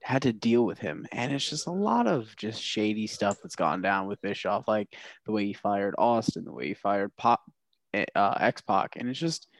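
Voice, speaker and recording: A man's voice: fairly low pitch, lively intonation, moderate pace, creaky, no echo. A man co-hosting a casual wrestling podcast, teasing his co-host and hesitating with fillers.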